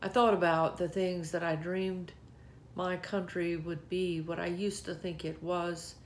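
Slow, low-voiced woman giving a heartfelt devotional. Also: flat delivery, a little hiss or hum. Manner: earnest, heartfelt, halting with pauses. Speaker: devotional speaker. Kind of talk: reflective devotional talk with scripture reading.

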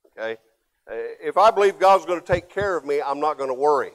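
An older man, a pastor, preaching a sermon, swinging from loud emphatic passages to low quiet asides. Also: animated, brisk.

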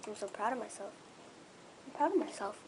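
A young gaming creator commenting excitedly on their own play, with gushing, squealing bursts of excitement. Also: medium pitch, brisk, background noise.

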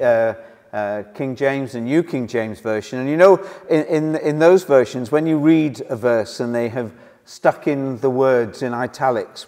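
Man, preacher, sermon, slow, earnest, mid pitch, long church reverb. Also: darkish tone. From Wales. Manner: slow, earnest, rising and falling emphasis. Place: church hall.

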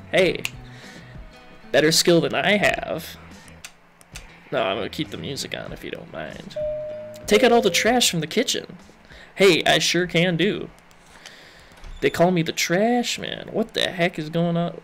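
A young man giving jokey let's-play commentary, chatting to the game's characters. His voice swings widely up and down, and he talks at an unhurried pace. Faint music plays behind him. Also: on the high side, gravelly, a bit bright. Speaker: gaming video host.

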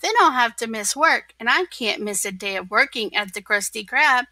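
A woman reading a storybook aloud and voicing an excitable young male sea sponge who is sick, with high squeals and loud sneezes. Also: moderate pace, no room sound. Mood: anxious.

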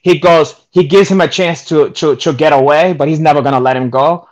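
A man's voice: a little high, fairly quick. A man co-hosting a casual chat, rambling and swearing with many restarts. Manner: rambling and profane, lots of restarts. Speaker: co-host.

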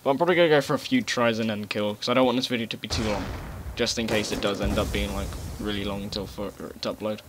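Casual male gaming commentator, low voice, swears freely, game gunfire clearly audible under him. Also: steady tone, fast, hardly any pauses. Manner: casual rambling, swears, sudden loud outbursts. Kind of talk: live gameplay commentary. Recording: game gunfire noise behind voice. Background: gunfire and explosions from the game.

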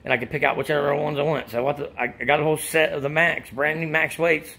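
A middle-aged man, a vlogger who gives supplement advice, chats casually about workout gear and supplements while out of breath after exercising. His slightly high voice is fast, creaky, and sharp, with a level tone, and he rambles and restarts his sentences.

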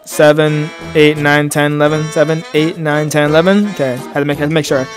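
A young man doing horror game commentary in a high voice. He is excitable and jumpy, breaking into panicked yelling as the game chases him. Faint game music plays behind him. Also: brisk. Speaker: gaming YouTuber.

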